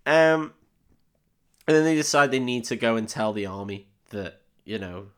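A man's voice: medium pitch, lively intonation, normal speed, clear, resonant tone. A man co-hosting a film podcast, recapping a movie in a loose, rambling way, swearing freely and laughing as he acts out the characters' lines. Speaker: podcast co-host. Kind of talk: casual film recap chat.

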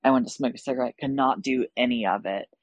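Over a rough, roomless video-call recording, a woman with a very deep voice talks fast as a podcast guest. Her casual, animated story is full of profanity and acted-out dialogue.

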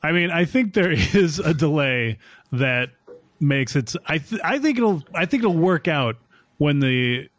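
A man's voice: on the high side, lively intonation, unhurried, fairly bright tone, no echo. A man co-hosting a casual podcast, joking around with his friends over a remote call. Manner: joking, chatty. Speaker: podcast co-host. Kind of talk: casual chat. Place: home room with clothes hung to baffle echo. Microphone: remote recording over internet.

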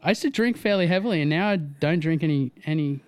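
A man's voice: a little high, expressive, fast talker, clean tone. A man with an Australian accent in a laid-back, sweary casual chat among friends.

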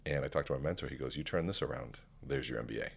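His voice is extremely low, gravelly, and breathy, and he races along. The man, a podcast guest and keynote speaker, is animated as he tells a story casually and acts out the quoted lines.

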